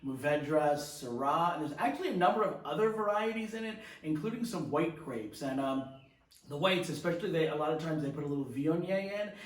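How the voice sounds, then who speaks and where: Guy co-hosting a wine tasting, a bit high voice, kinda far from the mic, roomy. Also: animated. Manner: explanatory, detail-heavy, with filler pauses. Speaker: wine show co-host. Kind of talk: casual wine tasting chat.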